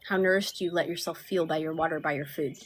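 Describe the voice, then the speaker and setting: A woman coaching viewers on manifestation in a soft, affectionate live-stream talk, often sinking to near-whispers. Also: low-pitched, steady tone, fast, a little hiss or hum. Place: outdoors.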